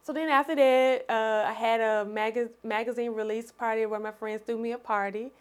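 A woman, a podcast guest telling her story in an animated, expressive way and laughing often. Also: a little high, moderate pace, clean tone. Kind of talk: storytelling in conversation.

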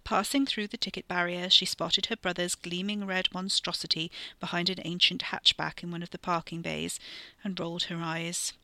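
A podcast storyteller reading a horror story in a steady, measured way, sometimes dropping into a whisper. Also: mid-range voice, dry recording. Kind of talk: scripted narration of a horror story.

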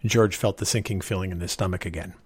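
A man narrating a story in a measured, expressive reading voice. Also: sits low, husky, no echo.

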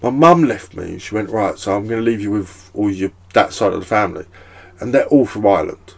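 A young man from Essex, England, with a matching accent, appears as a podcast guest telling rambling, swear-laden stories and laughing often. His voice is on the low side, expressive and creaky, and he talks briskly in casual chat.

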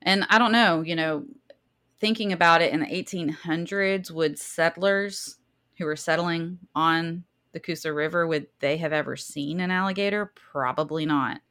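Southern lady podcast cohost, pretty low voice, chatty, trips over big words sometimes. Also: normal speed, fairly bright tone. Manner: chatty, laughs easily, stumbles over hard words. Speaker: podcast co-host. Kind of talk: casual chat, reading out research.

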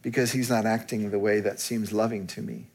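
A man preaching a sermon, dropping to quiet and then rising to emphatic peaks. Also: on the low side, fairly even intonation, fairly quick, creaky. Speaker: pastor.

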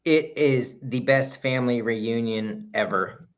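A man co-hosting a podcast in casual chat, easygoing and pausing often with fillers. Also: medium pitch. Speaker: podcast co-host.

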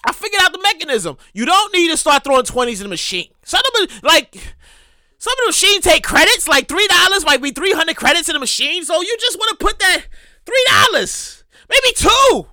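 A person telling a casual story in a monologue, profane and animated, repeating phrases for emphasis. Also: very high voice, a little fast, dry recording, studio quality.

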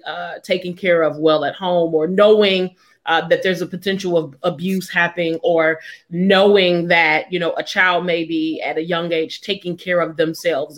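Halting woman panel host. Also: lowish voice. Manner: halting, many fillers while framing questions. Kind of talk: moderating a panel discussion.

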